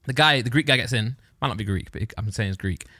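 A man races through a rambling story, stumbling over and correcting his words. His voice is bright and forceful, and the sound is close and dry with no room echo. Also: medium pitch, animated, fast. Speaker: podcast co-host telling a story. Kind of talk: casual storytelling chat.

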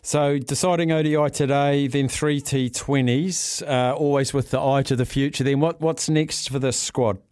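A man's voice: medium pitch, steady tone, normal speed, few pauses, a little mellow, clean tone, no echo. Chatty male radio host, dry studio sound. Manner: chatty and conversational. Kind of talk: radio talk show.

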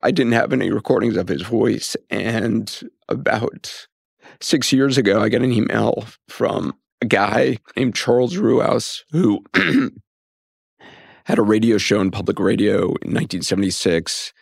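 A man in his fifties with a deep, gravelly voice talks softly and thoughtfully as a podcast host. He pauses often, picking his words with care. The sound is dry and close to the mic. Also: dry recording. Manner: soft-spoken, thoughtful, halting with fillers. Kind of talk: reflective podcast conversation and narration.

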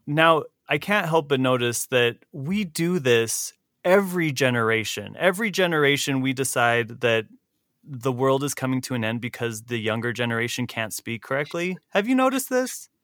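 Bright, lively male podcast host, dry close-mic sound. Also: normal speed, dry recording. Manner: animated, laughs often, big pitch jumps. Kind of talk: casual podcast chat.

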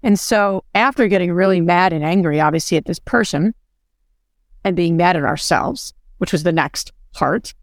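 A woman's voice: lowish voice, moderate pace, dry recording, clean studio sound. A woman co-hosting a podcast, speaking in an earnest, encouraging way. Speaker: podcast co-host. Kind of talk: motivational podcast talk.

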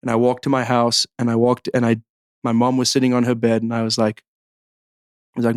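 A young man earnestly telling a personal faith story, halting often with restarts. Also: mid-range voice, little pitch movement, no echo, clean studio sound. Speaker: guest.

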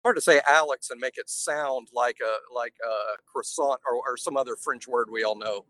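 A man's voice: medium pitch, normal speed, fairly bright tone, no room sound, low-quality recording. A man co-hosting a casual sports podcast, speaking in a wry, laid-back way and often stumbling over repeated words. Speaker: podcast co-host.

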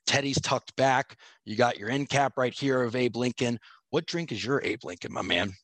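A playful man riffs and jokes with his co-host on a podcast, his voice at an everyday middle pitch. The recording is dry and close, with no room sound. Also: normal speed, fairly bright tone, dry recording. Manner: jokey, playful, bro-ish banter. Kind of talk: casual chat.

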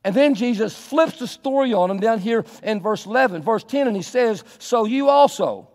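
A man's voice: high voice, fairly quick, a little mellow. A male pastor preaching a conversational, earnest sermon in a church, asking his congregation questions. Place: church sanctuary. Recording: long church reverb.

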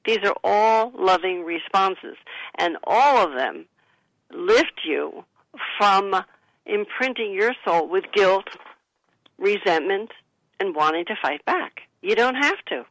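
Brief: woman with a bright, gravelly voice, radio interview guest, earnest and instructive, dry close sound. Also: mid-range voice, animated, slow pace, no room sound, poor audio. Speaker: spiritual guest author. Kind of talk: radio interview, advice-giving.

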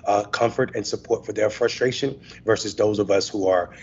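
A man's voice: lowish voice, a little fast, gravelly, husky, lo-fi sound. A man serving as guest co-host, giving earnest commentary and often stopping to restart his sentences. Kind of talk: casual commentary.

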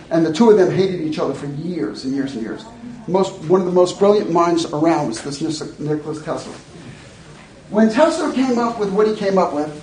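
A man's voice: high voice, a little mellow. A man teaching a live workshop, blunt and joking in a conversational way to an audience. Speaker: educator. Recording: echoey room.

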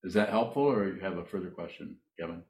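A man leading a meditation Q&A, speaking slowly and haltingly, often repeating his phrases. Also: low-pitched, gravelly, darkish tone. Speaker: meditation teacher. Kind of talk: Q&A in a dharma talk. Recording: echoey room from far off.

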